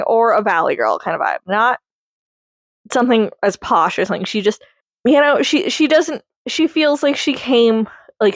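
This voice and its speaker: A young woman rambling casually through a movie review, chatty and excitable, laughing often. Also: a little high, no echo.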